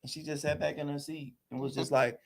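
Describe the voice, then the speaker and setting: Thirties male podcast co-host, animated storyteller, casual and profane. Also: a little high, fast. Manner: animated storyteller, acts out quotes, swears.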